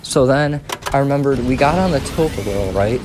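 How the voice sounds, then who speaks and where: A man's voice: mid-range voice, expressive, moderate pace, music in the background. A young man telling a rambling, profane story in a casual vlog. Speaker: storytime vlogger.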